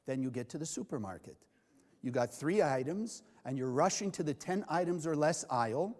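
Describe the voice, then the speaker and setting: A man's voice: fairly high pitch, normal speed, long reverb tail. A man teaching Kabbalah to a live audience, asking them questions and acting out the voices in people's heads. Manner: animated, acts out inner voices, asks the audience questions.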